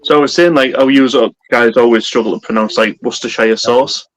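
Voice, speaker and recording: A man's voice: mid-range voice, quick pace. Wry man with an English accent. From England. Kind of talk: casual chat.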